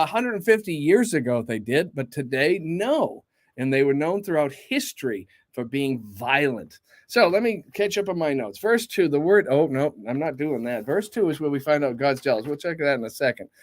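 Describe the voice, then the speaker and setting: Animated pastor with a lively, rising voice. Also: male voice, a little high. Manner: conversational, self-interrupting, rhetorical questions. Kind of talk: informal Bible study talk.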